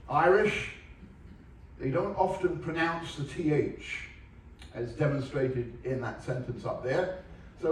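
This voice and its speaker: A man from England lectures aboard ship, amusing a theatre audience with deadpan asides. His voice sits at medium pitch, with slight background noise, and the large hall's echo comes through since he is recorded from afar.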